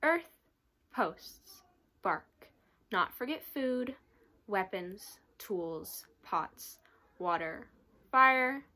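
A woman reading aloud, voicing a proud warrior man who speaks slowly in short, blunt, broken phrases. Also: medium pitch, animated, sharp tone, full character voice.

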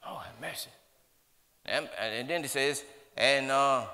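Male pastor, fervent hollering preacher; sharp, bright tone ringing in a reverberant sanctuary. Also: mid-range voice, expressive, brisk. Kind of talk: sermon. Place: church sanctuary. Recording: long reverb of a church hall.

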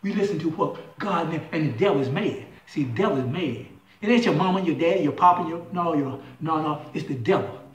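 A man preaching a fiery call-and-response sermon, shouting questions and then dropping low. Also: distant mic. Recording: echoey room, voice from off-mic.

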